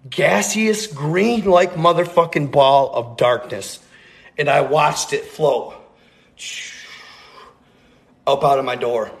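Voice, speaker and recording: List: man, gravelly voice, slightly high, casual profane storytelling, slangy, rambling, intense. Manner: earnest, intense.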